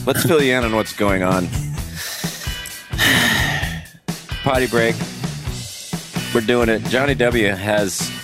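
A man's voice: medium pitch, very slow, pauses often, over music. A man in his late forties hosting a casual podcast, rambling and laughing as he tells stories. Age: 40s. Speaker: podcast host, comedian.

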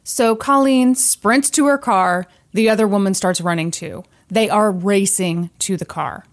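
This podcast host speaks at a medium pitch and a little slowly, sharing a creepy true story in a chatty way. She tells it with animation, performing the voices of each person she quotes.

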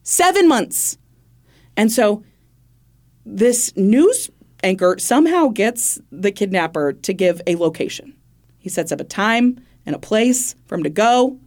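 A woman's voice: mid-range voice, darkish tone. A woman co-hosting a podcast, telling a true-crime case in a loose, conversational way, laughing often and swearing now and then. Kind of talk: casual true-crime storytelling.

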